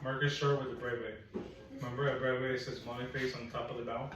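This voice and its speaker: A man's voice: medium pitch, little pitch movement, fairly bright tone, slight background noise. Patient man teaching phonics in an echoey classroom. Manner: patient, encouraging, repeats sounds slowly. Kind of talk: one-on-one phonics lesson. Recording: echoey room, mic at a distance.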